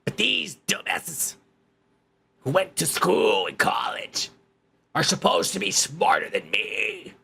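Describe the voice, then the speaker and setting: A man's voice: on the high side, huge pitch swings, slow, vocal fry, pushed and bright, breathy edge. A male podcast host ranting in crude, heated commentary, swearing and repeating himself.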